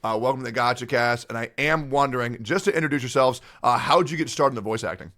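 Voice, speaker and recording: A man's voice: medium pitch, fast talker, fairly bright tone. A man hosting a casual podcast on a call, upbeat and enthusiastic as he cues in guests. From Canada. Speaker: podcast host.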